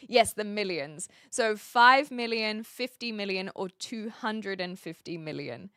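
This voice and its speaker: Slow-talking New Zealand woman streamer. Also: medium pitch, lively intonation, a bit bright, smooth, dry recording, clean studio sound. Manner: chatty, rambling with many fillers and restarts. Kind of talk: live stream chat, reading viewer questions.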